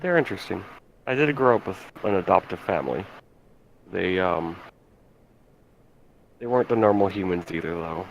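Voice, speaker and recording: A man playing his character in a tabletop game, speaking in a calm, measured way. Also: low-pitched, creaky, highs cut off, a little hiss or hum. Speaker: player.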